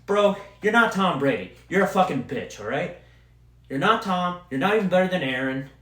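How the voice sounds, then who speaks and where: A man's voice: high voice, normal speed. Heated, profane young man in an echoey room. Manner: profane, heated, excitable sports fan. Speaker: podcast host. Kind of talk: casual solo rant.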